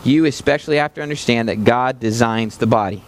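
A man's voice: medium pitch, a little fast, slight background noise. A man preaching a sermon as a visiting missionary, passionate and emphatic, speaking straight to the congregation in a church. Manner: passionate, rising to emphatic peaks, addresses congregation directly.

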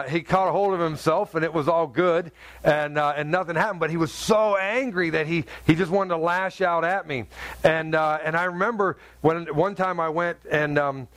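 In a dry recording, a man with a somewhat high, slightly bright voice preaches a sermon. He shares a personal story haltingly, with plenty of fillers, then climbs into fervent exhortation.

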